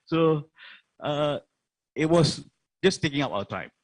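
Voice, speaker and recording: A man's voice: on the high side, expressive, takes it slowly, no echo. A Malaysian man speaking as a forum panelist, earnest and full of fillers, slipping Malay phrases into his English. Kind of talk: forum talk. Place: online forum.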